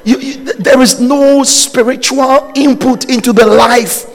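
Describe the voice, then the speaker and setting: A man preaching a sermon as pastor, swinging from quiet low passages to loud, shouted lines, with jokes and laughter for the congregation. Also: unhurried, in a large hall. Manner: animated, rising to shouts and dropping low.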